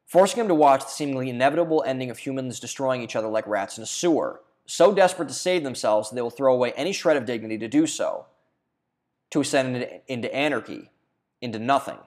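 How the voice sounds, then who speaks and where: A man's voice: medium pitch, lively intonation, fast talker, a little mellow. A man narrating a scripted video essay in an earnest reading manner, now and then stumbling and restarting a phrase.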